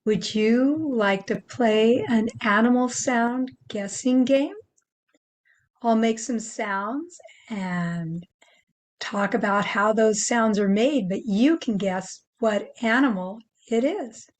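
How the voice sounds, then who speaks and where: Very slow, high-voiced older woman. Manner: gentle, patient, explains slowly step by step. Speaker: children's presenter. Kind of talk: teaching children animal sounds.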